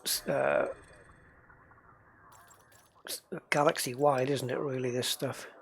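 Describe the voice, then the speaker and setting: A man's voice: medium pitch, flat delivery, slow, fairly bright tone, a little hiss or hum. A man giving casual gameplay commentary, chatty, talking to himself and the game and chuckling often. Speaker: gamer narrating his play.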